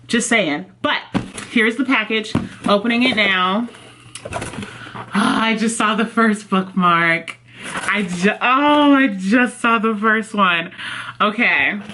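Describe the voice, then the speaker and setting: Excitable chatty woman, bright voice. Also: mid-range voice, slight background noise. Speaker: book vlogger. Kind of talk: casual vlog chat. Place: home office, indoors.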